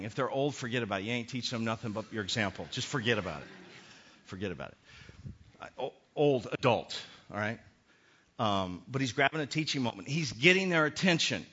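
A middle-aged man preaching a sermon as pastor, animated and acting out the voices he quotes. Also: medium pitch, brisk. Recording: muffled lo-fi sermon recording.

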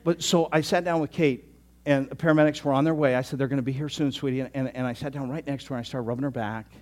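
Man, 60s, pastor, storytelling sermon, conversational, soft moments, repeats words. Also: medium pitch, steady tone, fast talker.

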